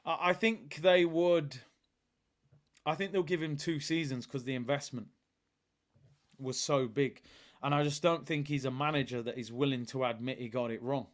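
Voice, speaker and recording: A man hosting a live football watchalong, chatting casually and shouting out viewers. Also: medium pitch, fairly even intonation, moderate pace. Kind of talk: live football chat reading viewer comments.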